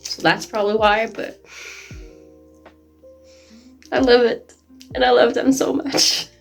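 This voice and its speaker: A woman chatting casually in a reading vlog, gushing excitedly and peppering her talk with "like.". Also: a little high, slow, creaky, faint music behind. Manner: gushing, excited, heavy use of "like". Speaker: book vlogger.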